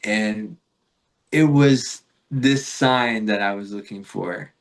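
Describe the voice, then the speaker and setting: A man from Florida, a podcast guest, telling a rambling spiritual story in a reflective, casual way with fillers and soft laughs. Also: on the low side, slow.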